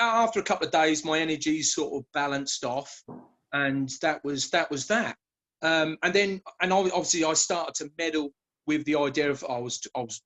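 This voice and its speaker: A man, a guest telling his story in a relaxed interview, often hesitating with fillers and restarts. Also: a little high. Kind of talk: conversational interview.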